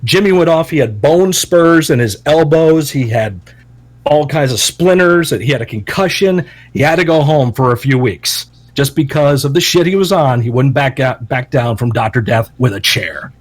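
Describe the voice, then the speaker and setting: A man co-hosting a podcast, telling a long story in a casual, profane and animated way. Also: medium pitch, normal speed. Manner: animated, profane, acts out quotes loudly. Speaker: podcast co-host.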